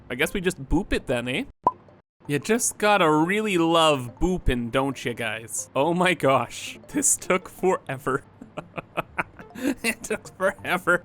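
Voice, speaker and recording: A man's voice: a little high, fairly bright tone. A man hosting a gaming video, giving chatty, playful let's-play commentary as he builds, talking to himself and to his viewers.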